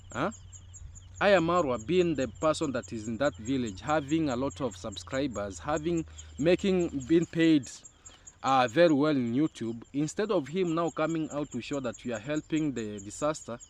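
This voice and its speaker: A young Kenyan man with a Kenyan accent, giving casual commentary on a YouTube channel, repeating his points with emphasis and asking "huh?" as he goes. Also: medium pitch.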